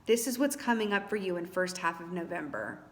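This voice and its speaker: A young woman reading tarot cards for her viewers in a chatty, animated way, thinking aloud with lots of fillers. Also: fairly low pitch, a little fast. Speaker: tarot reader. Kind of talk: casual tarot reading to camera.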